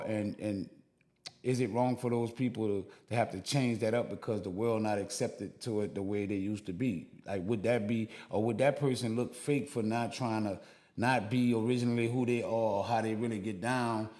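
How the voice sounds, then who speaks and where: Speaking with a New Orleans accent, this man co-hosts a podcast and thinks aloud in a relaxed, rambling way full of fillers and restarts. His voice is medium-pitched and dark, with a steady tone and moderate pace.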